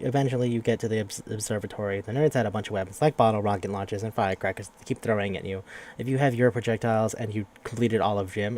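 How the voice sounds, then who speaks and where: A man's voice: on the low side, a little mellow, slight background noise. A young man casually recapping a video game's story on a podcast, rambling and swearing as he acts out the characters' lines. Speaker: podcast host.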